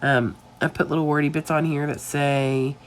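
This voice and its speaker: A woman's voice: deep voice, little pitch movement, moderate pace, slight background noise. A tired woman narrates a crafting voiceover late at night. She sounds congested from a sinus infection and chats in a rambling way, with apologetic asides. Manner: chatty and rambling, apologetic asides, soft laughs. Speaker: scrapbooking video creator.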